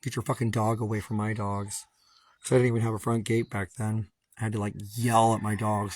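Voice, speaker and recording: A man's voice: on the low side, little pitch movement, brisk, no echo. Guy from hawaii venting on a phone livestream, cussing nonstop, bitter laughs, dry close sound. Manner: profane, venting, laughs bitterly between complaints. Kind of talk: casual ranting livestream. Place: outdoors walking dogs.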